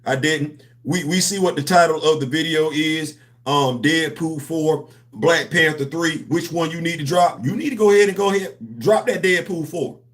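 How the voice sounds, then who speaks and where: A man with hosting a comics livestream, talking to his chat in an animated, preachy, slangy way. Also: fairly high pitch, moderate pace. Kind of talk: casual livestream commentary.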